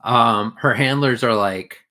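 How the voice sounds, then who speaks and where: A man in casual podcast chat, rambling and crude as he recaps a show. His pitch sits in an ordinary middle range. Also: takes it slowly, pushed and bright. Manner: rambling, crude, lots of fillers and laughs. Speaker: podcast co-host recapping an anime episode.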